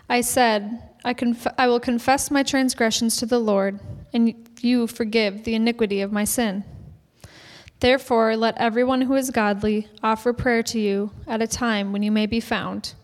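A woman reading scripture aloud in a measured, solemn way. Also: a little high. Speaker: scripture reader. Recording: reverberant church hall.

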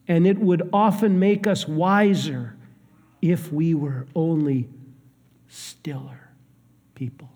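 Slow-preaching man in a reverberant hall. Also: sits high. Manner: dramatic swings between hushed and raised delivery. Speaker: pastor. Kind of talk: sermon.

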